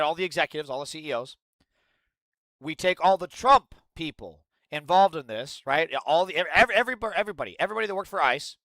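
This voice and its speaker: A man's voice: mid-range voice, a bit bright, dry recording. A young man live-streaming, reading news aloud and ranting with lots of swearing. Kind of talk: casual live-stream commentary.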